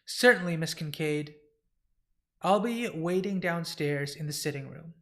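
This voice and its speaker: A man's voice: a little high, expressive, unhurried. A man voicing a polite, formal male solicitor. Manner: courteous, formal.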